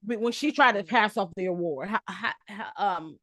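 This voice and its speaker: Animated woman storyteller from Detroit. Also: medium pitch, normal speed. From Detroit, Michigan, United States. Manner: animated storyteller who acts out quoted voices. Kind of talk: casual conversation.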